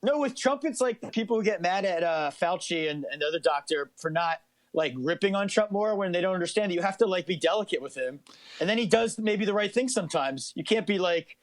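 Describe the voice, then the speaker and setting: A man's voice: sits high, animated, brisk. A man co-hosting a podcast, chiming in agreeably during casual chat. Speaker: podcast co-host.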